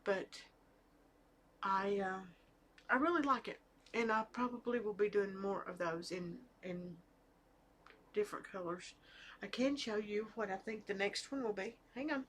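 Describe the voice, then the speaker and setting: A middle-aged woman talks casually about her knitting at home, rambling a little with fillers and restarts. Her voice sits at an ordinary pitch, with a faint hiss of room noise behind it. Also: unhurried, long pauses, a bit bright. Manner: chatty, hesitant, with fillers and restarts. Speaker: knitting vlogger. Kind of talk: casual chat to camera. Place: home with family talking in the background.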